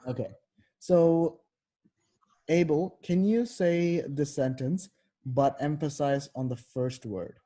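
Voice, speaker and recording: Mellow, husky-voiced male tutor. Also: fairly high pitch, slow. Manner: loose, filler-heavy explaining with frequent self-corrections. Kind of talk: casual online tutoring.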